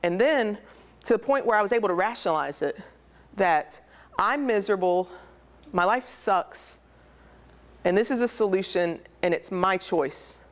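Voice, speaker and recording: A woman's voice: medium pitch, expressive, normal speed, pauses often. A young woman speaking candidly and emotionally at a conference, telling a personal story in a conversational way. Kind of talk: personal testimony talk. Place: conference hall.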